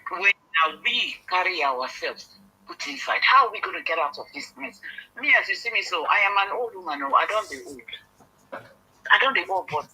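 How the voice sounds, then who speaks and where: Bright, heated Nigerian Pidgin caller. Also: female voice, lowish voice, lively intonation, a little fast, rough recording. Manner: heated, quotes others, repeats herself. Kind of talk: emphatic call-in rant.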